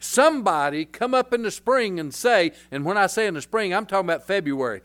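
An older man with a drawl delivers a rambling, folksy sermon. His voice sits high for a man, and he swings from quiet asides to loud hollers. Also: expressive, fairly quick. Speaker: pastor.

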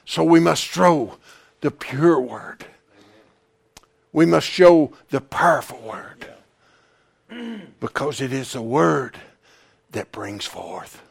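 A man preaching a sermon as pastor, rising to shouted peaks and falling to hushed, near-whispered lines, with emphatic repetition. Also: fairly high pitch, takes it slowly, creaky, pauses often, slightly rough, no echo.

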